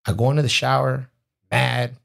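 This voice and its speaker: A man, a rapper, telling a profane, animated story about his career in casual conversation. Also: medium pitch, normal speed, vocal fry. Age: adult with a twenty-year-old stepdaughter. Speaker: rapper guest.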